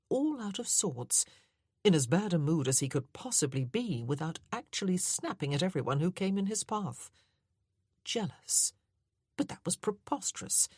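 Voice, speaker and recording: A woman narrating a historical romance audiobook in a measured, unhurried way. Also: on the low side, darkish tone, husky, dry recording, clean studio sound. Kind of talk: scripted narration.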